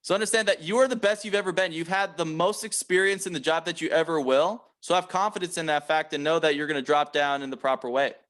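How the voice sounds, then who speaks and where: A man coaching a room of sales reps in an emphatic, repetitive way, often tagging his points with "right?". His voice sits a little higher than most men's. He speaks in a self-described aggressive manner. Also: fast talker, few pauses, fairly bright tone. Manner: emphatic, repeats key points, frequent "right?" tags; calls himself aggressive. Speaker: sales team trainer. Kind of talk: training talk to sales reps.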